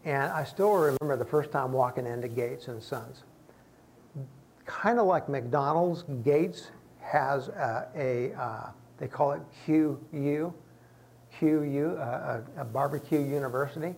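A pastor stands before his congregation and preaches in a plain, talk-it-through way, slipping into quoted voices along the way. His middle-pitched man's voice carries a gravelly rasp. Faint noise from the room sits behind him. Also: unhurried, darkish tone. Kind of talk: sermon. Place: church sanctuary with congregation.

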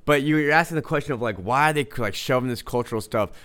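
A man's voice: medium pitch, quick pace, fairly bright tone, clear, resonant tone. A man co-hosting a podcast, giving emphatic, indignant commentary in a rambling, casual way. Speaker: podcast co-host.

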